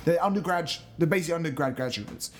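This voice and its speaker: A man co-hosts a relaxed film podcast, working through his points aloud with frequent restarts and hedges. His voice is somewhat high for a man. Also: quick pace, a little hiss or hum. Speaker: podcast co-host. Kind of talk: casual film review chat.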